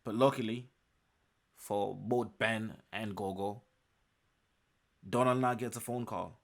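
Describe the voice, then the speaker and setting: A man's voice: lowish voice, fairly even intonation, takes it slowly, gravelly. A man reviewing a webtoon chapter in an enthusiastic recap, emphatic and repeating phrases for emphasis.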